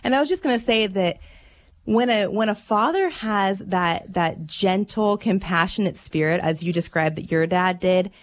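A woman co-hosts a radio call-in show, chatting casually and laughing as she tells stories. She has a mid-range voice and speaks at normal speed.

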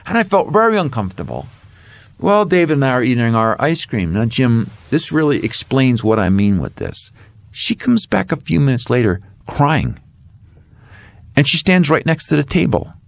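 A man's voice: mid-range voice, moderate pace, creaky, no room sound. A middle-aged man, an author and guest, telling a faith story and acting out the voices in it. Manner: animated storyteller acting out dialogue.

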